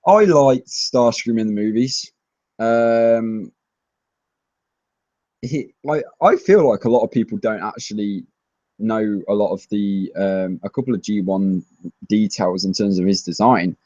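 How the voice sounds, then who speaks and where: Young male streamer, low-ish voice, eager rambling fan talk, dry close sound. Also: measured pace, no room sound. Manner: excitable, rambling fan chatter. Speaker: streamer answering viewer questions. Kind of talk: casual live-stream Q&A. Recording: dry, slightly dull lo-fi mic.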